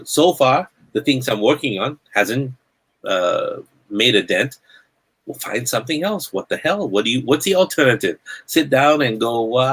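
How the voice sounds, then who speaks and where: A man's voice: medium pitch, fairly bright tone, breathy edge, rough recording. A man hosting a live podcast in casual chat, blunt and rambling, often repeating words as he starts a thought. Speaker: podcast host.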